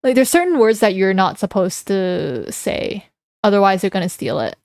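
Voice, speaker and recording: A woman's voice: medium pitch, sing-song, moderate pace, darkish tone, no echo, studio quality. A young woman streamer chatting casually with her live chat, giggling and reading comments aloud before reacting to them.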